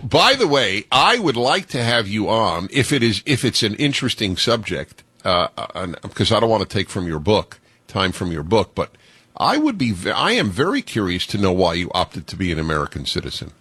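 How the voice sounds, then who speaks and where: A man hosting a radio talk show, bantering with his guest in an enthusiastic, quick-witted way. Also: on the low side, big pitch swings, pushed and bright, husky, dry recording.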